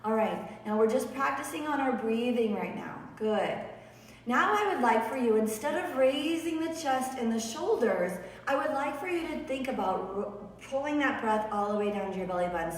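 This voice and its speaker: A woman's voice: on the high side, lively intonation, moderate pace, distant mic. A woman teaches a beginner yoga class, often checking in with her students. She sounds set back from the mic in a large room with long, echoing reverb. A faint hum of room noise sits underneath her voice. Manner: encouraging, asks the class questions often. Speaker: yoga instructor.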